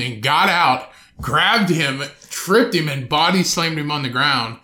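A man's voice: a little high, measured pace. A man co-hosting a casual podcast, ranting with lots of swearing and acting out the people he describes. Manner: profane, ranting, acts out quoted people loudly. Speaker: podcast co-host.

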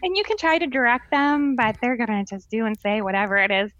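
Animated woman telling family stories. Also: a little high, brisk, muffled recording, a little hiss or hum. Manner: animated storyteller, acts out quoted voices. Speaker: podcast co-host. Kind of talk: casual chat.

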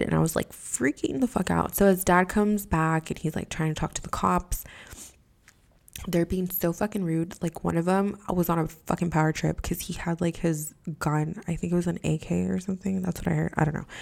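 Gravelly, low-pitched woman telling a story. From Mexico. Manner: profane, exasperated, rambling with many fillers. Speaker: podcast host. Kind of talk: casual storytelling.

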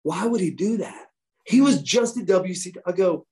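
A man, a former wrestler, telling profane, animated backstage stories as a guest in a casual interview. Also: sits high, normal speed.

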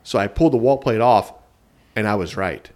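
A man co-hosting a casual podcast, telling stories in an animated way and laughing partway through his sentences. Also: fairly low pitch, a little fast. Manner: animated storyteller who laughs mid-sentence. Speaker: podcast co-host. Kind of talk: casual chat.

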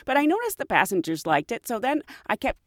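A woman host and flight attendant telling work stories in a casual, animated way, laughing often. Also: on the high side, fairly quick, no echo, studio quality. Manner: animated, laughs often, sing-song imitations. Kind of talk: casual storytelling.

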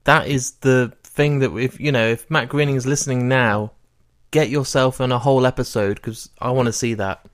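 A man hosts an interview with eager enthusiasm. His voice is mid-pitched. The recording is dry, with no room sound. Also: steady tone, moderate pace, dry recording. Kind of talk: casual interview.

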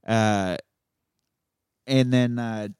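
Man, podcast host, animated movie recap, swears freely, dry close mic. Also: lowish voice, very slow, clear, resonant tone, dry recording. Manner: profane, animated retelling of scenes. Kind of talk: casual film recap chat.

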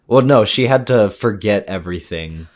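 A woman's voice: extremely low pitch, animated, normal speed, darkish tone. A woman co-hosting a podcast in casual chat, laid-back and chiming in with short remarks. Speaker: podcast co-host.

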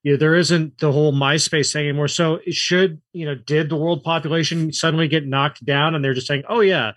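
Podcast co-host, man from California, higher pitch, dry close sound, riffs with opinions. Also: flat delivery, brisk, a bit bright, no echo. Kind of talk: casual conversation.

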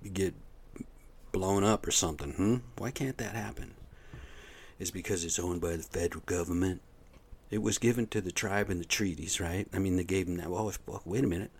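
A man's voice: low voice, breathy edge. A man talking to listeners in a rambling, profane, agitated monologue. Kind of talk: ranting casual monologue.

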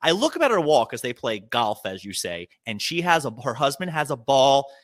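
A man hosting a podcast, telling funny stories in casual banter with an animated delivery. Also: fairly quick. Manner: animated storyteller with sudden pitch jumps. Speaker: podcast host.

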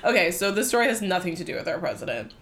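A young adult woman co-hosting a podcast, telling a funny story in an animated, profane way with lots of asides. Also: on the low side, very fast. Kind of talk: comedic storytelling.

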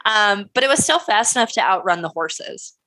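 A woman with a bright, clear voice tells a story on a casual podcast. She rambles and swears freely, and her talk is full of ums and likes. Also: mid-range voice, animated, normal speed. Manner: rambling, profane, filler-heavy. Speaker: podcast co-host telling a story.

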